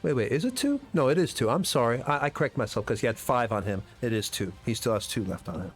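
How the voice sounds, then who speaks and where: A man's voice: medium pitch, lively intonation, fast talker, soft background music. A man running a tabletop game as game master, casual and chatty, often correcting himself. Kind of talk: narrating a tabletop game over a video call.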